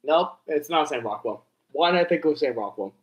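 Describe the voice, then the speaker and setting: Talking a little fast with an expressive, fairly high voice, this young man reacts to an awards show on video, chatting loosely with viewers and himself and saying "bro" and "dude." The recording sounds muffled.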